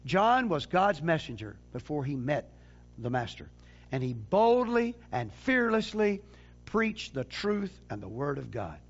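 Lively, emphatic male preacher. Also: a little slow, lo-fi sound. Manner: lively, emphatic, with sudden drops to low quiet phrases; frequent repeated words and restarts. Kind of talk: sermon.

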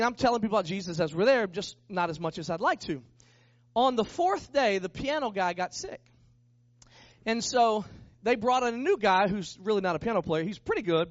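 A man who is a pastor, telling a lively story as part of a sermon and acting out the people in it. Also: sits high, dry recording, muffled recording. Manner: animated, acts out the people in his story.

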